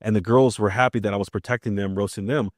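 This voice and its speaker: Male podcast host from Maryland. Low, dry and close-miked, a chatty storyteller who quotes family dialogue. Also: steady tone, fast talker, dry recording. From Maryland, USA. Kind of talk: casual podcast conversation.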